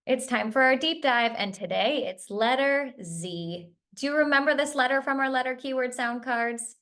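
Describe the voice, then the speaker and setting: A woman teaching a phonics lesson to young children, modelling letter sounds in a clear, encouraging way. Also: sits high, moderate pace, a bit bright. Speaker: reading teacher.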